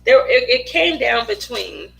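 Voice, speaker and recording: Chatty crafter lady, high voice, bright, takes her time, sing-songy. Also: lively intonation, a little slow, gravelly, poor audio. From Las Vegas, USA. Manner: chatty, greets viewers by name, sing-song and playful. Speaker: craft livestream host. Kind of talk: casual livestream chat while painting.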